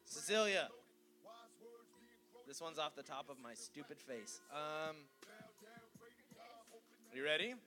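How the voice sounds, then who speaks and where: A man's voice: on the high side, animated, takes it slowly, pauses often, sharp tone, soft background music. A man hosting a live comedy competition, crude, loose and teasing.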